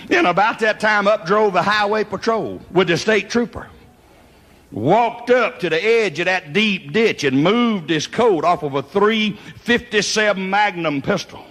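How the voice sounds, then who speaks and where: A man's voice: sits high, moderate pace, a bit bright. A man with a Mississippi accent telling a Southern comedy story in a folksy drawl, whooping as he goes. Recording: long hall reverb.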